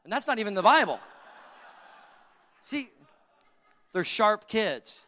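A man's voice: sits high, very animated, slow pace, pushed and bright, big-room sound. A middle-aged man preaching a sermon, joking and telling stories to his congregation in a folksy way. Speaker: pastor.

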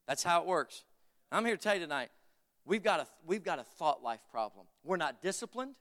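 A man's voice: high voice, lively intonation, brisk, a bit bright. A male pastor preaching a fervent sermon, repeating phrases and calling for amens from the congregation. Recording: long reverb of a large hall.

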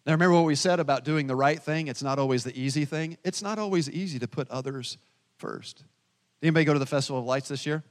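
A male pastor preaching a sermon in a church sanctuary, telling personal stories with animated, self-deprecating humor and chatty asides to the congregation. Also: a little high, fast. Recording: long reverb of a church hall.

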